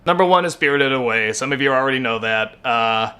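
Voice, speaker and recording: A man's voice: mid-range voice, expressive, a little fast, sharp tone. A man in his thirties hosting a web show, talking casually and loosely with lots of fillers, getting worked up over small moments. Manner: rambling, full of fillers and self-corrections, gets worked up about small things. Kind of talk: casual unscripted talk to camera.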